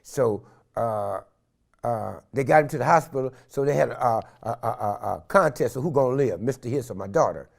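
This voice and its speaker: A man in his sixties from San Francisco, a guest in an interview, telling stories with animated energy and acting out the voices of the people in them. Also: medium pitch, moderate pace, gravelly. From San Francisco, California. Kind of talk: animated storytelling. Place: studio interview set.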